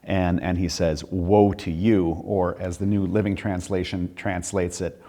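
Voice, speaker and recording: A man leading a casual church conversation about a sermon, thinking aloud in a reflective, halting way and repeating words as he works through ideas. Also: low-pitched, level tone, mellow, long reverb tail. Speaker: church leader discussing a sermon.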